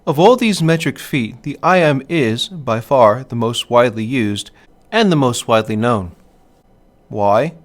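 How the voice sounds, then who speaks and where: A male teacher with a medium pitch and lively intonation narrates a scripted literature lesson. He stays clear and measured, sounding out stress patterns as he goes.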